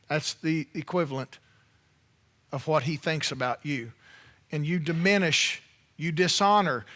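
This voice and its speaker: A man delivers a sermon in a high, bright voice. He preaches in a loose, conversational way and keeps turning to the congregation with playful asides. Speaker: pastor.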